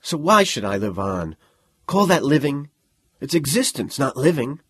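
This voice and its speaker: A man's voice: mid-range voice, very animated, unhurried, slightly rough, voice pushed up. A man voicing a defeated, bitter record store clerk who talks hesitantly for a storybook. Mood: defiant. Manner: hesitant, then bitter and defiant.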